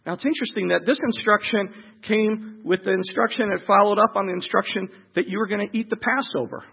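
A high-voiced man preaching a sermon in an animated way, breaking into shouted voices as he acts out the crowd. His voice is husky and the recording sounds dull and lo-fi. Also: fairly quick.

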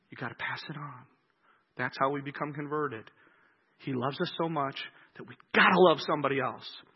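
A man preaching a sermon as pastor, swinging between loud, emphatic acted-out quotes and slow, soft reflection. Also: fairly high pitch, breathy edge, highs cut off.

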